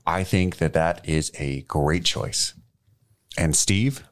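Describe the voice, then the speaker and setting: A man's voice: extremely low pitch, slow pace. A man hosting a casual movie podcast, joking and teasing his co-hosts. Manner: joking, teasing, swings into animated bursts. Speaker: podcast host. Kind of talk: casual chat.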